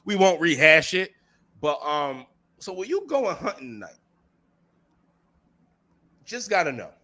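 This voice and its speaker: A young man co-hosting a podcast in casual chat, animated and laughing often, with frequent swearing. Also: a little high, measured pace. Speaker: podcast co-host.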